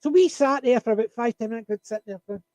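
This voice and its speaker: A man chatting on a panel, telling an animated anecdote and chuckling at his punchlines. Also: very high-pitched, quick pace, dry recording. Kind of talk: casual storytelling chat.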